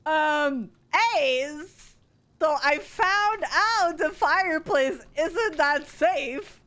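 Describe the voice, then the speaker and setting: A woman's voice: high voice, animated, very slow, pushed and bright. A woman streaming a roleplay game, laughing hard and exclaiming, with tears of laughter in her voice.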